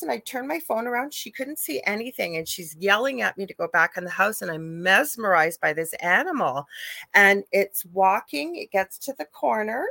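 Gravelly-voiced woman telling a spooky story. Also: medium pitch, moderate pace, dry recording. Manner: animated storyteller, acts out quoted voices. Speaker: co-host, psychic medium. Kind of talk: casual live chat, storytelling.

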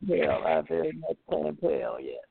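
A man's voice: a little high, wildly swooping pitch, measured pace, vocal fry, husky, no echo. A man co-hosting a casual talk show, laid-back and agreeable. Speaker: co-host. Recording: dry, phone-like line.

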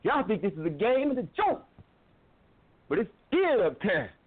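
Male guest on a call-in show, fervent storyteller, fairly high voice, tinny phone audio. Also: huge pitch swings, moderate pace, breathy edge. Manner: preacherly, storytelling, repeats phrases for emphasis. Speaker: guest, filmmaker. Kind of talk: impassioned talk-show monologue.

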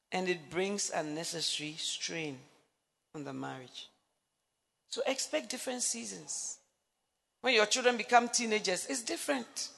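Middle-aged woman preacher, bright forceful voice, animated storytelling, long hall echo. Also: fairly high pitch, vocal fry. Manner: animated storytelling, acts out dialogue, breaks into laughs. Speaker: preacher speaking on marriage. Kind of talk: sermon.

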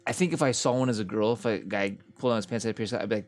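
Young male podcast co-host, lowish voice, teasing and jokey. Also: rapid-fire. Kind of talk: casual comedic chat.

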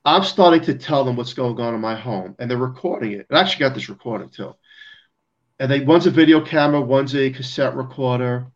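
Male guest, lively conversational storyteller who voices the people he quotes; slightly muffled lo-fi audio. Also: mid-range voice, brisk. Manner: animated, acts out quoted dialogue.

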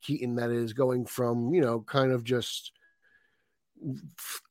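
A man co-hosting a casual film podcast, relaxed and chatty, laughing often. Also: medium pitch, slow, no echo. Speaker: podcast co-host.

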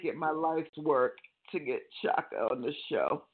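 Slow, teasing co-host on a tinny line. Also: medium pitch, slightly rough. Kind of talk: casual chat.

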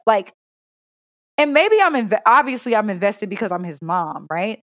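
A woman co-hosting a casual podcast, telling an animated, profane story about her son. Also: a little high, unhurried, no echo. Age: adult parent. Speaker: podcast co-host. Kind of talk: casual chat.

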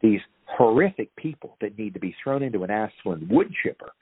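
A husky, low-voiced man talks with fiery, ranting intensity as a podcast guest, his pitch swinging widely as he pushes each point. The sound is thin and tinny like a phone line, with a dry, close feel. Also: expressive, a little fast, dry recording. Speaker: guest activist. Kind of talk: impassioned podcast interview.

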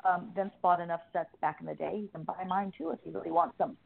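A woman's voice: fairly low pitch, fairly even intonation, fast, gravelly. A woman wrestler chatting as a radio guest, brash and profane, laughing often. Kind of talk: casual radio chat. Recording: tinny phone-line audio.

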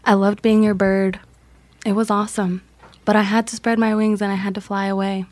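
A woman's voice: mid-range voice, level tone, a little fast, darkish tone, dry recording, lightly acted. A woman improvising comic scenes in a giggly, friendly way.

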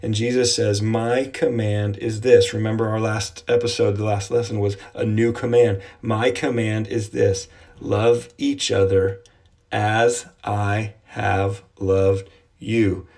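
A man gives a devotional Bible lesson in a low, somewhat husky voice. His delivery stays fairly flat, earnest and repetitive, and he slows down deliberately when he quotes scripture. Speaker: Bible teacher.

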